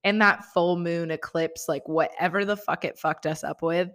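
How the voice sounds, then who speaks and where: A woman's voice: fairly low pitch, steady tone, measured pace, few pauses, fairly bright tone. A young woman hosting her own podcast, talking casually and rambling along with lots of "like" fillers. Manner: rambling, chatty, full of "like" fillers. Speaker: podcast host. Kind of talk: casual solo podcast chat.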